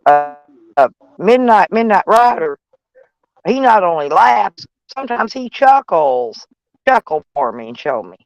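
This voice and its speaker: A woman's voice: lowish voice, sing-song, measured pace, no room sound. A woman, chatting to her viewers from inside her van in a rambling, folksy and salty way. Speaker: vlogger. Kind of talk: casual rambling chat to viewers.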